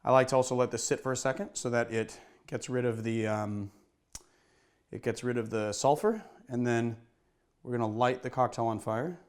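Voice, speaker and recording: This man speaks in a mid-range voice at a moderate pace as he hosts a relaxed lesson on making cocktails. Working as a bartender and show host, he's chatty and self-deprecating, talking through the mixing and shaking while a little winded.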